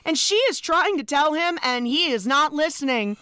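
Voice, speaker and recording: High-pitched woman recapping a film. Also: expressive, normal speed, pushed and bright, soft background music. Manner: storytelling, teasing, laughs often. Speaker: podcast co-host. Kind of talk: casual chat, movie recap.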